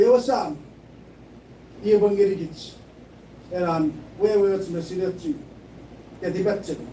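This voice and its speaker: A man with a high, mellow voice preaches in a sermon, often repeating his phrases. He sounds a little distant from the mic, in an echoey room. A faint hiss sits under his voice. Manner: preaching, mixing English with Chuukese, repeating phrases. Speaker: pastor.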